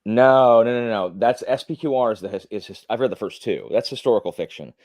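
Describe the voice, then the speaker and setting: A man's voice: mid-range voice, brisk, a little mellow, no echo, clean studio sound. A man hosting a live stream, chatting casually and answering viewer comments in a rambling, filler-heavy way with blunt opinions. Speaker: livestream host. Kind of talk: casual chat while reading viewer comments.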